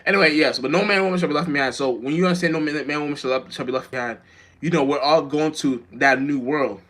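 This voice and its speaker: A young male rapper chats loosely with livestream viewers in a voice on the high side, fairly bright and quick. His talk rambles casually, he often loses his train of thought, and he swears freely.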